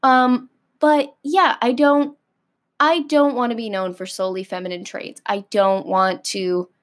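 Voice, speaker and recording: An American woman ranting casually to camera, packing her talk with "like" and blunt, sassy swearing. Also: mid-range voice. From United States. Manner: filler-heavy, frequent "like". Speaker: vlogger.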